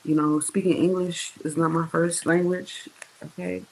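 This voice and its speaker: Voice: mid-range voice, little pitch movement, gravelly, slight background noise, poor audio. Profane, slangy tarot reader talking to viewers. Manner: slangy, profane, chatty, addresses viewers directly; drawls words out slowly for emphasis. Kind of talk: casual tarot reading monologue.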